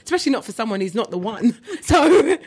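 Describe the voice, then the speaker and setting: A young woman with a London accent, a comedian chatting as an interview guest, animated and quick to laugh. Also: a little high. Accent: London English. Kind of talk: casual interview chat.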